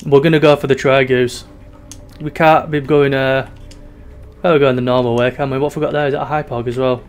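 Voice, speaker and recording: A man's voice: medium pitch, fairly even intonation, normal speed, pauses often. A young man giving casual, sweary commentary while playing a video game. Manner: chatty and sweary, drifting between mock despair and giggles. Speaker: gaming YouTuber.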